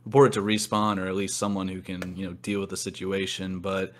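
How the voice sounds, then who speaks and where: Fast-talking low-voiced man. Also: monotone. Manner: easygoing, fills with "you know". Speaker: podcast co-host. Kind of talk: casual podcast discussion.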